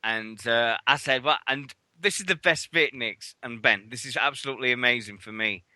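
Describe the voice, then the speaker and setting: A man's voice: medium pitch, moderate pace, bright, forceful tone, dry recording. A man hosting a radio show, telling stories in casual, sweary chat and acting out what others said. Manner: chatty, sweary, acts out others' lines.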